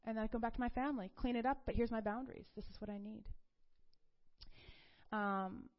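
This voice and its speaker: Earnest middle-aged lady counselor talking faith, goes soft and breathy sometimes, kinda dull lo-fi sound. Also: on the high side, steady tone, fairly quick, long pauses. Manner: earnest, confiding, voice drops soft and breathy at tender points. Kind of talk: personal faith talk. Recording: slightly dull lo-fi recording.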